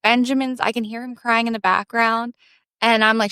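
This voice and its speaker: A woman co-hosting a podcast, telling a family story in an animated, casual way with lots of fillers. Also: fairly high pitch, fairly quick, clean tone, no room sound, clean studio sound. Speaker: podcast co-host.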